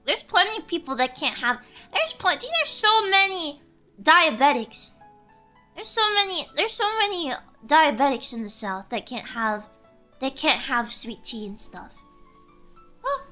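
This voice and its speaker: Squeaky high-voiced woman streamer. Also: expressive, a little slow, sharp tone, faint music behind. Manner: rambling, giggly, corrects herself often. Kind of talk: casual storytelling chat.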